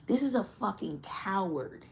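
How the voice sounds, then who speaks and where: Gravelly, blunt, profane woman reader. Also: mid-range voice, measured pace, slight background noise. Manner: blunt, profane, animated, laughs often, addresses the collective. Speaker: tarot reader. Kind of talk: casual tarot reading monologue.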